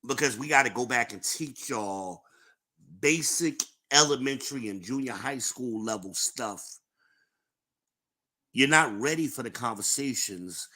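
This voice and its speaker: Podcast host, man, middle-aged; slow, lecturing delivery, bright tone. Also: medium pitch. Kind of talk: live-streamed podcast monologue.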